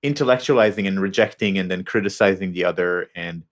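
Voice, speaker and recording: A man's voice: low voice, fast. A man hosting a podcast, framing his questions with hesitant restarts. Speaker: podcast host. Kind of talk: casual podcast interview.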